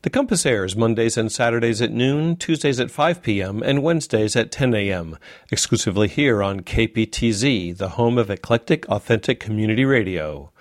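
A male community radio reporter reading a scripted news piece in a measured, careful way. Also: lowish voice, animated, no room sound, studio quality. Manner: measured, reads slowly and carefully.

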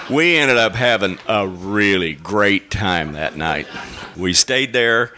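A man from Oklahoma telling a personal story to a live lecture audience, relaxed and chuckling as he goes. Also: fairly low pitch, slow, slight background noise. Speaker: lecture speaker.

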